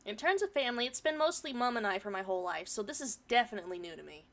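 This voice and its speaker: Bright-voiced woman streamer reading aloud. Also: on the high side, lively intonation, rapid-fire. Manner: chatty, reactive, swears casually. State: throat irritated from pollen. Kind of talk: reading a forum story aloud with commentary.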